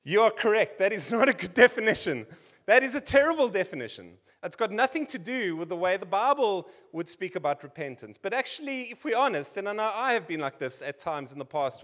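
A high-pitched South African man in his forties delivering a sermon. He keeps it conversational, tossing in wry jokes and asides to the congregation. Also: big pitch swings, a little fast, fairly bright tone. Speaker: preacher.

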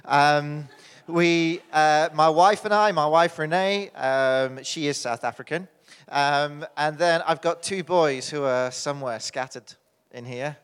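A man's voice: on the high side, slow, fairly bright tone, clear, resonant tone. Chatty British man preaching in a church hall. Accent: British English. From United Kingdom. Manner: chatty, joking, with many fillers and restarts. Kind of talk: sermon. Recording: hall reverb.

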